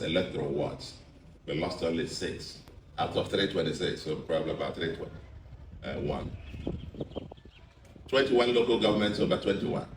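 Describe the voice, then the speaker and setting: A very low-voiced Nigerian man delivers a victory speech as a re-elected governor, measured and emphatic, stacking repeated phrases. He sounds distant from the mic in a roomy, echoing space, with faint noise behind him.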